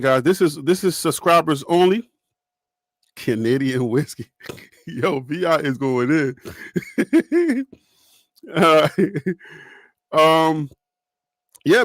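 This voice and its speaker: Laughing, high-voiced New man host. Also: no room sound. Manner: laughs often, talks straight to viewers. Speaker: sports show host. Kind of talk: casual live-stream chat.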